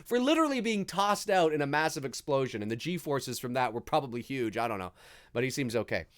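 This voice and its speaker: A man's voice: mid-range voice, sing-song, a little fast. A man hosting a live movie commentary stream, talking in a rambling, easygoing way and swearing freely.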